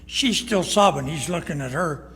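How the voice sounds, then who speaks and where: A high-pitched older male pastor delivers a storytelling sermon in a plain, folksy way, slipping into the voices of the people in his stories. His words ring out with a long reverb from the church sanctuary around him. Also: expressive, moderate pace, a bit bright. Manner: folksy, plain-spoken, acts out dialogue in stories.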